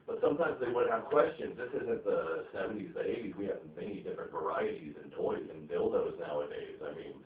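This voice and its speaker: Speaking low and fairly quickly with hardly any pauses, a male comic rambles through a profane stand-up set packed with fillers. He's on a comedy venue stage, captured in an echoey, tinny, distant live recording.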